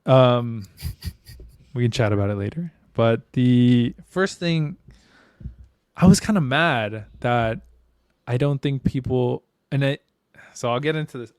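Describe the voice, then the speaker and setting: Smooth-voiced man in candid podcast chat. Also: medium pitch, a little mellow, no echo, clean studio sound. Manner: candid, swears freely, slangy. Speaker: podcast co-host.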